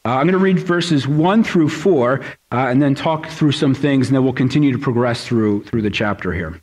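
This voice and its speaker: A man in his thirties, a pastor preaching a sermon who tells personal stories in a lively, quick way. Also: mid-range voice. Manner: lively storytelling, quick asides.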